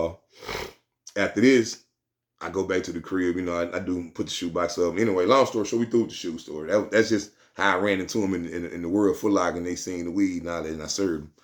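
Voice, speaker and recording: A man telling a street story in casual slang, rambling and repeating himself. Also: deep voice.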